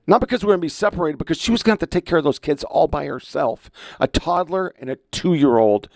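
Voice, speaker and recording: Gen X male podcast host, 50s, fairly high voice, swears freely, emotional, dry studio sound. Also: animated, quick pace, creaky, a little mellow, no echo. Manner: blunt, profane, heated ranting. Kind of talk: podcast commentary on online clips.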